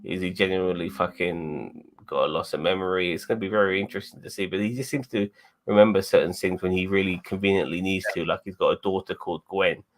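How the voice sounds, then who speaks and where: Rambling, low-voiced man in casual chat. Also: steady tone, fast talker. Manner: rambling, swears freely, frequent restarts. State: tired and yawning. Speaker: podcast host.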